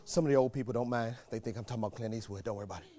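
A male pastor preaching a sermon, moving from quiet storytelling to shouted exhortation and repeating phrases for emphasis. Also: mid-range voice. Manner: repeats phrases for emphasis, laughs between points.

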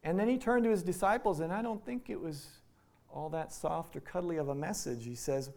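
A man's voice: a little high, expressive, normal speed, creaky, darkish tone. A man from Iowa preaching a sermon in a conversational way, acting out the quoted lines. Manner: conversational, acts out quotes in voices. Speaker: pastor.

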